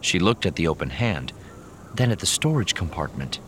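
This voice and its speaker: A man narrating a novel in a measured, storytelling manner. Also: deep voice, big pitch swings, a bit bright, a little hiss or hum. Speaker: audiobook narrator. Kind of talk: scripted narration.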